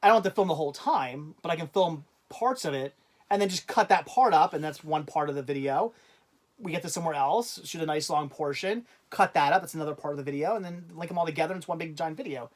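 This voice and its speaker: Talking fast in a fairly high voice, this livestream host keeps things casual. His thoughts wander and drift off partway, he starts sentences over, and easy laughter keeps breaking through as he chats along.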